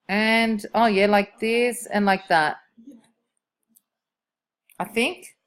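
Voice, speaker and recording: A woman teaches a maths lesson in a relaxed classroom manner. She thinks aloud as she works and keeps turning questions back to her students. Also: medium pitch, very slow, long pauses. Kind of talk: classroom lesson on curve sketching.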